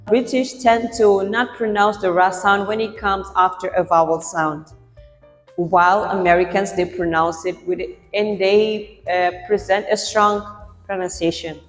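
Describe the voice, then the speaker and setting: A woman pronunciation teacher talks through a lesson in a clear explanatory way, patiently repeating example words so learners can compare them. Her voice sits in a roomy space with a long reverb tail, and faint music plays underneath. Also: medium pitch, fairly even intonation, a little slow.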